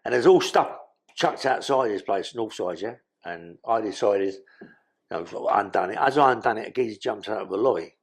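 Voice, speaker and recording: An older man with a London accent tells his story in a blunt, streetwise way, swearing freely. His voice sits low and comes out gravelly. It also has a husky edge. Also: animated, a little fast. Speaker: guest. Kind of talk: storytelling interview.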